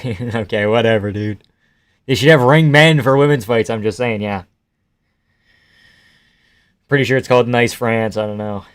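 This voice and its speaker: A young man chatting casually and profanely on a live fight reaction stream, joking and yelling at the screen. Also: mid-range voice, clean tone. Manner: excitable, profane, laughing, yells at the screen.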